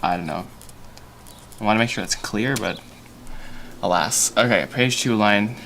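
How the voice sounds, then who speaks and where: A man's voice: lowish voice, measured pace, vocal fry, a bit bright, a little hiss or hum. A young man hosting a casual livestream while storyboarding, thinking aloud with self-mocking asides and many fillers. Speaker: animator and livestream host.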